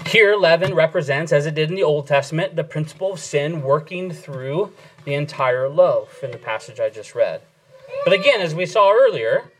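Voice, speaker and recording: A male pastor giving an earnest sermon lesson, pausing and restarting as he explains, then leading a prayer. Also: on the high side, rough recording. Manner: earnest teaching with frequent fillers and restarts. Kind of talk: sermon teaching and closing prayer.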